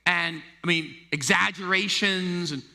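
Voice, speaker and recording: A middle-aged American pastor preaches a sermon in an animated way, stammering through restarts as he acts out quoted voices. His voice sits high, unhurried, with vocal fry, and the long reverb of a large hall surrounds him.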